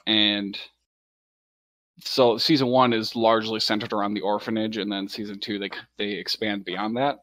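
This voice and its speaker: A young man in casual chat about anime, relaxed and full of fillers like "um" and "like". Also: on the low side, moderate pace. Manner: relaxed, filler-heavy, laughs easily.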